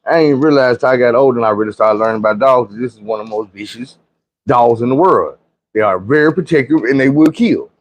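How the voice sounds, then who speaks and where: A man's voice: medium pitch, fairly quick. A man from Arkansas telling a casual, profane childhood story, acting out the other people's voices as he goes. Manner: animated, acts out quoted voices, profane slang.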